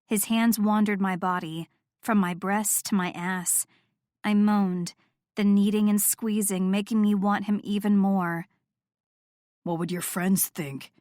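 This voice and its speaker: A woman's voice: medium pitch, steady tone, measured pace, a little mellow, no room sound. Woman narrating an audiobook in a dry, close voice. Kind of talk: scripted first-person audiobook narration.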